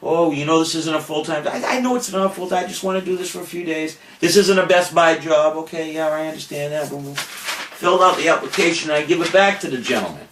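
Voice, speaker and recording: A man's voice: on the high side, fast talker, fairly bright tone. Older man telling a boastful story, distant and roomy. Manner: boastful, profane, theatrical retelling. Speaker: cannabis activist giving a farewell video. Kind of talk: animated storytelling to an audience. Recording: roomy, distant mic, faint noise.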